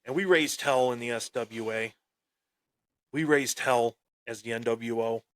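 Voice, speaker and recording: A man spins a tale at an unhurried, drawn-out pace, bragging like a wrestling heel and jumping into loud outbursts. He repeats himself as he goes. The sound is dry and close, with no room around it. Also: mid-range voice, no echo. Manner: boastful heel bravado with sudden loud bursts; repeats and restarts phrases. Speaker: podcast host. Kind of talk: boastful storytelling on a wrestling podcast.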